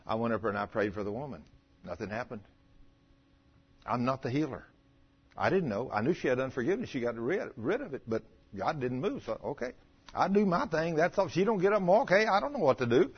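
An older man preaching a folksy, animated sermon about healing, acting out the voices in his stories. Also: mid-range voice, quick pace, husky. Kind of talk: sermon storytelling. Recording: dull lo-fi recording.

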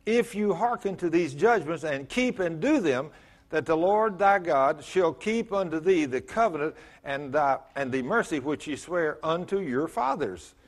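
A middle-aged man preaching a sermon as pastor, telling stories with self-mocking humor and rising to loud emphatic bursts. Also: fairly high pitch, animated, a little slow.

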